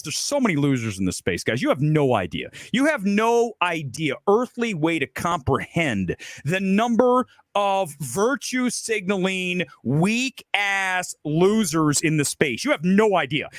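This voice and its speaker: A heated middle-aged man rants through a film commentary monologue, firing off repeated rhetorical questions. His voice sits high and swoops widely. The sound is dry and close, with no room around it. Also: fairly bright tone, no echo. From Ohio. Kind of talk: ranting monologue.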